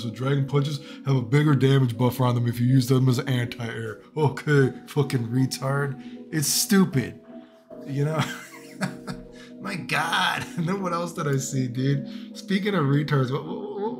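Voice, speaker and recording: A man rants casually about fighting games. He swears freely and rambles, full of "you know" and "dude," in a medium-pitched voice, with music playing clearly under him. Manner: casual, profane, rambling, with many fillers. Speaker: fighting game streamer and commentator. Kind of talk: ranting commentary.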